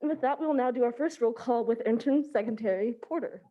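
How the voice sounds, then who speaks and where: A woman's voice: a little high, dull audio. A young woman presiding over a student senate meeting, reading a formal statement and moving through the agenda. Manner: reads prepared statements, then runs the agenda briskly.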